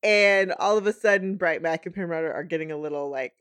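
A woman's voice: on the low side, fast, a bit bright, smooth, no room sound. A woman hosting a podcast, gushing in casual chat while recapping a cartoon. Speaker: podcast host.

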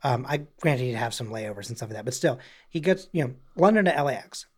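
A man's voice: mid-range voice, lively intonation, quick pace. A man co-hosting a podcast in casual chat, rambling through stories with many fillers. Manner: rambling storyteller, slips into mock voices and quotes. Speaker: podcast co-host.

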